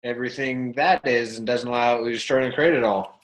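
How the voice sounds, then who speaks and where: A man's voice: medium pitch, steady tone, a little fast, low-quality recording. A man facilitating a live workshop class in a room, loose and playful, breaking into whoops. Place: room with an audience.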